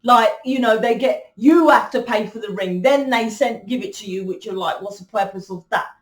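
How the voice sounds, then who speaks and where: A woman's voice: a little high, normal speed, echoey room, far from the mic. A woman giving a spiritual reading to her viewers, blunt and emphatic, swearing freely. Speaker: spiritual reader. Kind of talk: casual monologue to viewers.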